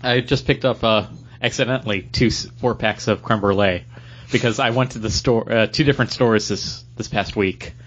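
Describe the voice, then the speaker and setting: A man's voice: fairly low pitch, normal speed, a bit bright, highs cut off. A man co-hosting a casual podcast, laughing often and acting out his own thoughts as he tells stories. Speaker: podcast co-host. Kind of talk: casual chat.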